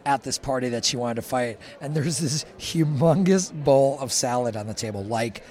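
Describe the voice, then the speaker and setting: A man chatting casually, an animated storyteller who acts out what people said. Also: mid-range voice, moderate pace. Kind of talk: casual chat. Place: Burbank autograph show venue.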